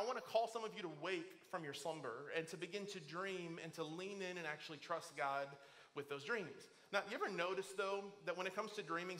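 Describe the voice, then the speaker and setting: Middle-aged male pastor, high, bright and forceful, animated storyteller who acts out the voices in his stories. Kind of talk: sermon. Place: church auditorium.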